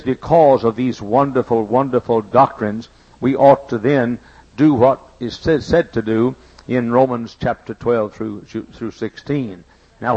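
A man preaching a sermon, his voice gravelly with fry. He talks in a folksy, storytelling way and repeats his points for emphasis. The recording sounds dull and lo-fi. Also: mid-range voice, darkish tone.

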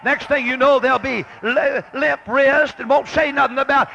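Revival preacher, a man, high gravelly voice, thunders and repeats his calls. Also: fairly even intonation, moderate pace, hardly any pauses, lo-fi sound, a loud crowd. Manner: shouting, thundering, repetitive exhortation. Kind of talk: fiery revival sermon. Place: church service with congregation.

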